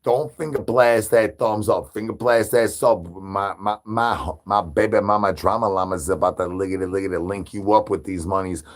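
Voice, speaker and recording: A livestream host with a low voice plays a brain-hungry zombie, rambling in absurd rhyming slang. He talks at a moderate pace and barely pauses in this comedic rant.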